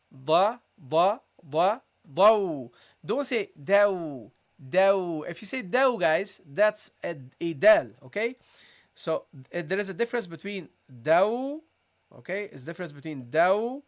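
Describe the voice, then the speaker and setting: A teacher giving a live-streamed language lesson, drilling pronunciation by repeating each sound and checking in with listeners again and again. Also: mid-range voice. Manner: drills sounds by repeating them, constantly checks with "okay?" and "guys". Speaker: Arabic teacher.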